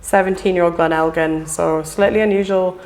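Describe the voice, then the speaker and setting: A woman's voice: lowish voice, steady tone, moderate pace, a little mellow. A woman in a casual interview, explaining at length in a chatty way, with fillers. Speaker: whisky brand representative.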